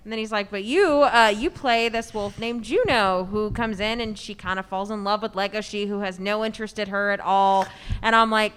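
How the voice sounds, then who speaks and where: Woman, bright clear voice, chatty panel story, hall echo. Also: medium pitch, moderate pace. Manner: chatty, expressive retelling. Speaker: voice actress panelist. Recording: long hall reverb.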